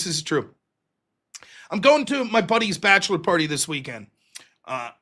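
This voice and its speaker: Male American streamer, casual profane monologue, high bright voice. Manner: profane, animated storytelling. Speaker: streamer and show host.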